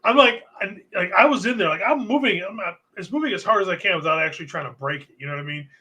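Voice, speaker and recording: A man on a casual home sports podcast tells a rambling story with plenty of swearing. His voice sits a little high and rings bright. He talks loose and laid-back, like he's among friends. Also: lively intonation, fast talker. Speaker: podcast co-host.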